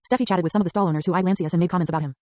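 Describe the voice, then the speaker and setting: A woman narrating an audiobook in a brisk, even reading style. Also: fairly low pitch, dry recording. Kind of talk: scripted narration.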